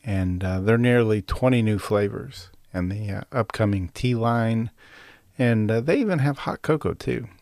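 Male host, deep and gravelly, laid-back commentary and ad read, dry studio sound. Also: moderate pace, dry recording. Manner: relaxed, filler-heavy delivery. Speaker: podcast host.

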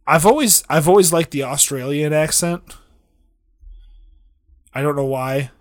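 A man's voice: on the high side, a little slow, no echo, clean studio sound. Rambling, jokey man in casual chat. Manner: rambling, jokey, many fillers and restarts.

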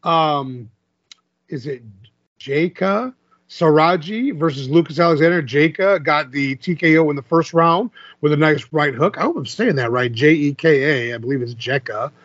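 A man's voice: on the high side, moderate pace, a bit bright, dry recording, dull audio. A man co-hosting a podcast, recapping fight results in casual chat and laughing often. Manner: chatty, laughs often, filler-heavy. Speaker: podcast co-host.

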